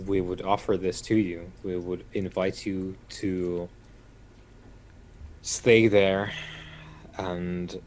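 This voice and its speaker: Male player, deep and unhurried, formal in-character delivery. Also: level tone, a little mellow, slight background noise. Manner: slow, formal, measured speech. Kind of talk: in-character tabletop role-play.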